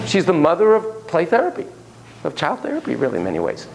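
Male lecturer, high-pitched and highly animated, emphatic with playful asides. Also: quick pace, gravelly, slight background noise. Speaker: child psychotherapist teaching students. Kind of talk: classroom lecture.

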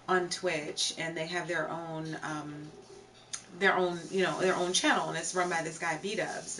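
A young woman chats casually on a live stream, greeting viewers from the chat as she talks. Her lowish voice sounds pushed and bright, picked up by a slightly distant mic with faint background noise.

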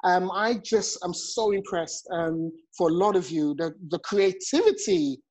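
A man's voice: sits high, animated, unhurried, a little mellow, rough recording. A man in his forties hosting a motivational live chat over a phone, effusive and chuckling often. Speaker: host and network marketing coach.

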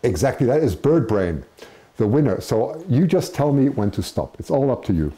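A man hosting a live show in a chatty, self-deprecating way. His pitch moves around a lot, and his tone is very dark and mellow. He sits at a middle pitch and laughs easily between remarks. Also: sing-song, normal speed. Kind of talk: live-stream chat announcing poll results.

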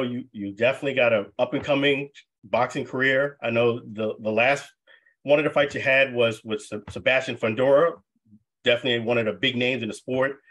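A man's voice: mid-range voice, a bit bright. Man hosting a sports talk interview. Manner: friendly, leans on "definitely" and "you know". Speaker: sports radio host. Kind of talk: radio interview.

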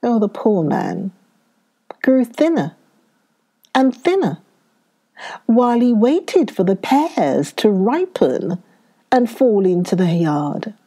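A woman reads a children's story aloud, stretching her words very slowly. Her voice is mellow and warm, and it swings widely up and down to make the tale lively. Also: mid-range voice. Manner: expressive and drawn out.

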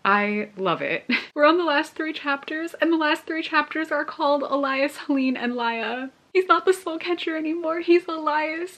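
A woman's voice: sits high, moderate pace, few pauses, a bit bright. A young woman vlogging her reactions to a book, gushing and emotional and laughing often. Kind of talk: casual reading reaction vlog.

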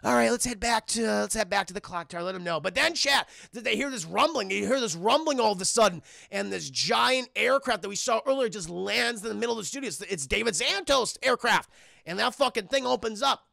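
Gravelly, bright-voiced man recapping to chat. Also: high-pitched, dry recording. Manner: rambling, profane, keeps addressing chat; acts out characters' lines in quick asides. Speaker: streamer reviewing a cartoon. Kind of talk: casual episode recap to live chat.

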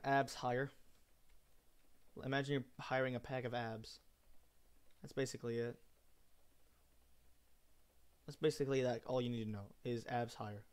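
A man's voice: mid-range voice, steady tone, normal speed, pauses often, clear, resonant tone. A man chatting casually while playing a game on stream. He swears freely and jumps between stories and the game. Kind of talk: casual chat while gaming.

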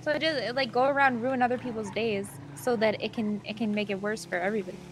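A woman's voice: on the high side, fairly even intonation, fast talker, a little hiss or hum. A woman role-playing in a game, chatty and playful. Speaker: gamer role-playing a character. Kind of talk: casual role-play chat.

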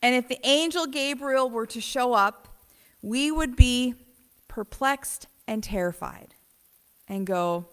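A woman pastor preaching a conversational sermon in a church, animated and emphatic with repeated phrases. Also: a little high, slow pace, clean tone. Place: church sanctuary.

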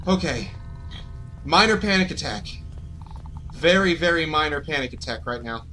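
A man narrates a horror game as he plays it, jittery and frightened. He talks to his viewers in nervous, panicky bursts. His voice sits high and sounds bright and edgy. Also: animated, normal speed, soft background music. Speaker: gaming channel host. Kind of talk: horror let's play commentary.

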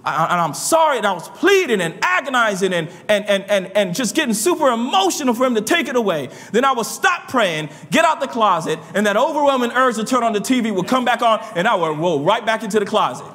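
Preacher, man, high and lively voice, impassioned sermon delivery, church hall reverb. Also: fast, few pauses. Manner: impassioned, swinging between low murmurs and shouts. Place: church sanctuary.

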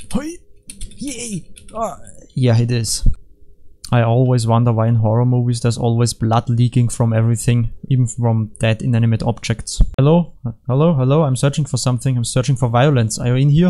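A gaming commentator talks over his gameplay in a mellow, dark voice at an ordinary middle pitch. He rambles casually and unscripted, jumping between jokes and half-finished thoughts, easily distracted and quick to mock himself.

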